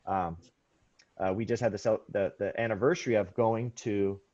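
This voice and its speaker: A man's voice: lowish voice, fairly even intonation, normal speed, darkish tone. Rambling male teacher, dull classroom recording. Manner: rambling, self-correcting, quizzes students. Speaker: history teacher. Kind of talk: classroom lecture with questions.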